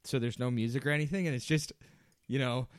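A man's voice: mid-range voice, fairly even intonation, fast talker, dry recording, studio quality. A man co-hosting a podcast, rambling casually and laughing often. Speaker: podcast co-host. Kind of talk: casual chat.

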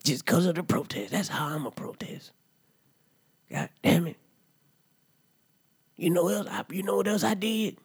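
A rowdy drunk uncle holds forth with a husky, breathy voice, as a man puts him on. He rants and swears loudly, then sinks into low asides in a comic monologue. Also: expressive, a little slow, pauses often, no echo, full character voice. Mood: ranting. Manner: loud profane rant, swings to low mutters. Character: rowdy drunk middle-aged uncle ranting. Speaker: comedy podcast character. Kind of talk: comedic monologue.

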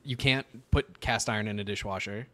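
A man's voice: lowish voice, a little fast, a bit bright. A young man co-hosting a podcast in casual chat, blunt and laid-back with short replies. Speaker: podcast co-host.

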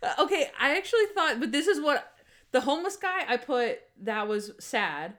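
A lively woman with a slightly high voice chats through a TV episode recap. She keeps throwing in fillers and acts out the characters' lines as she goes. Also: normal speed. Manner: animated, acts out quotes, many fillers. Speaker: podcast co-host. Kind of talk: casual episode review chat.

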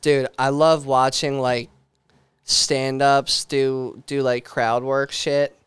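A man co-hosting a podcast, talking in loose crude slang and tacking "dude" onto nearly every sentence. His voice is very clear and crisp. It sounds dry and close, with no room sound. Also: mid-range voice, little pitch movement, slow pace, a bit bright, no room sound. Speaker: podcast co-host. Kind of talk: casual chat.

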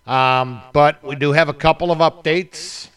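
A man's voice: on the high side, steady tone, unhurried, fairly bright tone. A man hosting a podcast with crude, joking banter among friends. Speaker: podcast host. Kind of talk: casual banter.

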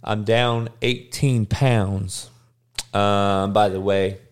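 A hungover man hosting a casual live stream, reading chat with slow, monotone, profane and blunt talk. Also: on the low side, clean tone. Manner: crude, blunt trash talk with frequent swearing. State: hungover, sluggish.

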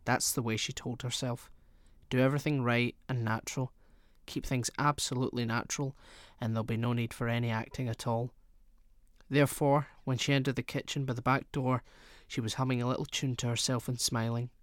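A man narrating a short story in a measured storytelling manner. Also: medium pitch, level tone, no echo, studio quality. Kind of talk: audiobook narration.

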